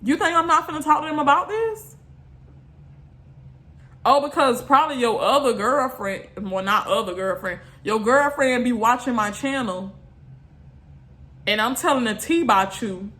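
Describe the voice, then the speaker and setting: A woman's voice: a little high, expressive, normal speed, pauses often, fairly bright tone. A woman vlogger, venting bluntly and repeating herself in an exasperated rant to her viewers.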